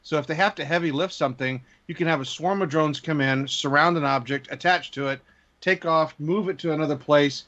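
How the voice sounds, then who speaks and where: A man hosting a drone news segment, reading stories in a measured way with frequent fillers. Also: on the high side, a bit bright, lo-fi sound. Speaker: news host.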